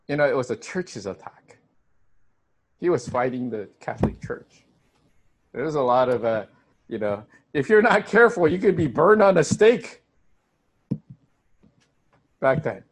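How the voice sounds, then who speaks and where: Male pastor, sermon, casual asides and restarts, somewhat high voice. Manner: conversational, with filler words and restarts.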